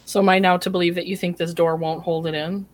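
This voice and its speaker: A woman's voice: lowish voice, little pitch movement, fast talker. A woman takes part in a tabletop game in a casual way. She questions the others often and sounds unsure of what to do. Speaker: player.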